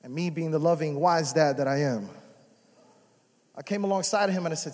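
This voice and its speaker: A young adult man preaching a sermon as a pastor, moving from soft prayer to loud exhortation. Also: on the high side, fairly quick, long pauses. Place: church sanctuary. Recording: reverberant church hall.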